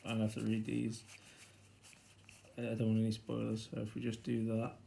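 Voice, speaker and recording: A British man hosting a board game unboxing, chatting casually and getting easily excited, laughing to himself. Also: lowish voice, brisk, vocal fry, a little hiss or hum.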